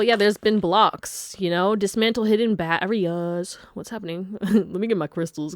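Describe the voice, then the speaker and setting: A woman's voice: mid-range voice, moderate pace. A woman giving a casual pick-a-card tarot reading. She is chatty, laughs often and throws slangy asides to her viewers. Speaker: tarot reader.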